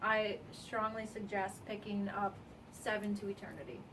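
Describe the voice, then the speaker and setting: A woman casually reviewing a comic, earnest and slightly halting. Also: mid-range voice, steady tone, far from the mic, noisy background.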